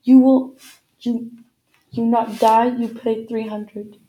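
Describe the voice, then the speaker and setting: A woman's voice: fairly high pitch, flat delivery, slow pace, reverberant, muffled recording. A woman voicing a threatening male taxi driver who demands money in broken English. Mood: demanding.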